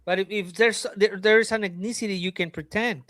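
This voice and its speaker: A man's voice: sits high, brisk, no room sound, clean studio sound. A man on a casual wrestling podcast, telling stories animatedly, often restarting his sentences. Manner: animated storytelling with many restarts.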